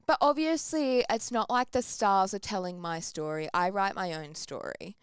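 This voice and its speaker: A woman's voice: medium pitch, moderate pace, clean tone, dry recording, studio quality. A young woman, chatting casually as a podcast co-host, laughing often and acting out what people said. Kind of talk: casual chat.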